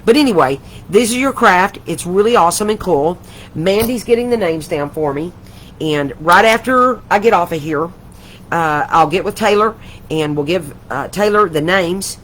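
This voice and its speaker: A woman's voice: fairly low pitch, animated, normal speed, a bit bright, a little hiss or hum, poor audio. An older woman, hosting a casual craft livestream from home, chatty and rambling, gushing with affection. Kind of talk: casual live craft chat.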